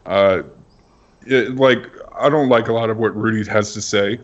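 A man's voice: lowish voice, moderate pace. A man, a guest creator, chatting casually and candidly on a panel. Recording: dull lo-fi audio.

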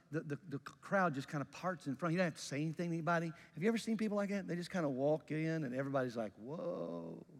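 A man preaching a sermon, telling a story conversationally with animated emphasis and building to a fervent close. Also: on the high side, long reverb tail. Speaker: pastor.

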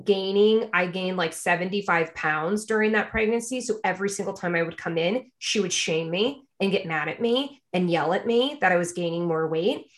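Brief: young woman, casual storyteller, animated, acts out the voices of people she quotes. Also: lowish voice, normal speed, few pauses.

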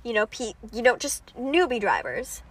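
A woman's voice: a little high, big pitch swings, normal speed, fairly bright tone, slightly rough. A young woman hosting a podcast, telling a story in casual chat, laid-back and swearing freely. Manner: laid-back, swears freely, quotes people in put-on voices. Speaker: podcast host.

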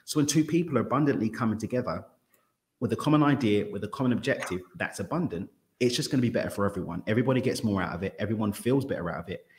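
A man with a lowish voice, speaking as a podcast guest. He talks in long, thoughtful stretches, sometimes stumbling and restarting when an idea runs ahead of him. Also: racing. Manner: reflective, expansive, stumbles over words when excited. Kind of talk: casual conversational interview.

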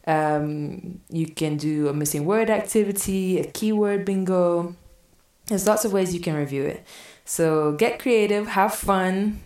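A woman runs an online French lesson, reading song lines aloud and then translating each one. Her voice sits low for a woman, and her pace is easygoing, with frequent ums. The recording has an echoey room sound. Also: far from the mic. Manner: relaxed explaining with fillers, reads lyrics then translates. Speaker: French language teacher.

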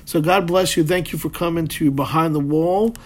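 A man's voice: a little high, normal speed. A man hosting a solo motivational podcast, talking in a loose, rambling way with plenty of fillers and swearing. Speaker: podcast host.

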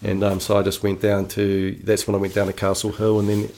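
A man's voice: fairly low pitch, monotone, a little fast, darkish tone. A middle-aged man with a New Zealand accent, telling stories in a casual, slangy interview, swearing freely. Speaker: interview guest. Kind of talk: casual storytelling.

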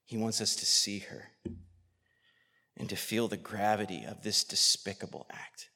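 A man preaching a sermon with passion, swinging between loud outrage and hushed, near-whispered tenderness. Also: on the low side, steady tone, unhurried. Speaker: pastor. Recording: long hall reverb.

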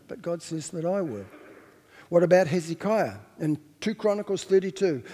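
A man's voice: sits high, mellow, in a large hall. A man preaching a sermon as a pastor, reflective and questioning, sometimes stopping to correct himself.

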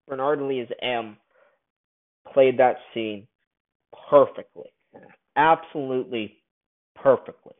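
A man recapping a film in a casual, rambling way, stumbling and restarting his sentences often. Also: mid-range voice. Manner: rambling, many restarts and stammers. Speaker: film reviewer. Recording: tinny phone-like sound.

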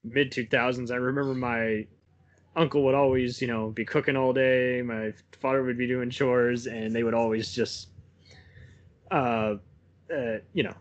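A young man talks films in a loose, rambling way, breaking into laughter between thoughts. His voice sits at an ordinary middle pitch. It's relaxed podcast chatter among friends. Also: a little slow, highs cut off. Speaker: podcast co-host. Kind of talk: casual film chat.

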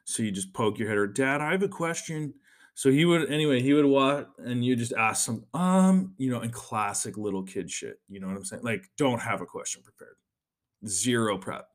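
This podcast host has a medium-pitched voice and keeps a moderate pace. His casual solo monologue wanders, stays chatty, and is full of profanity and frequent fillers.

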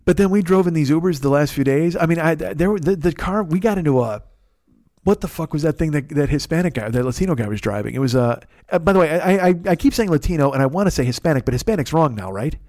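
A man's voice: fairly high pitch, lively intonation, fast, darkish tone, no echo, studio quality. A man hosting a podcast, telling a comic story in a profane, exasperated way. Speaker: podcast host. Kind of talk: comedic storytelling.

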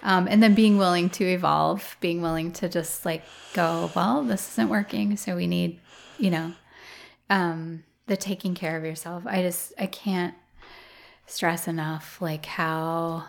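Gravelly-voiced woman farmer musing. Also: on the low side, steady tone, a little slow. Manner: thoughtful, rambling with many fillers. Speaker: flower farmer guest. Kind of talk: casual interview conversation.

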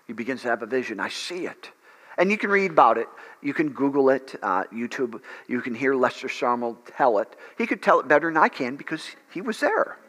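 A man's voice: mid-range voice, very animated, brisk, fairly bright tone, breathy edge. A man preaching as a pastor, fervent, with frequent fillers and restarts. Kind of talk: sermon and prayer. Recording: long reverb of a large hall.

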